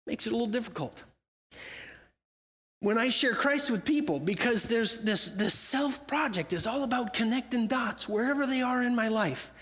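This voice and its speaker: A man's voice: extremely high pitch, animated, normal speed, a bit bright. A man speaking as a missionary at a church, talking conversationally and acting out imagined dialogue. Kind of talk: church talk with acted-out quotes. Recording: long hall reverb.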